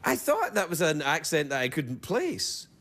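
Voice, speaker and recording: A man's voice: on the high side, wildly swooping pitch, moderate pace, a bit bright. A man hosting a late-night talk show, joking and teasing his guest in playful, mock-flustered banter.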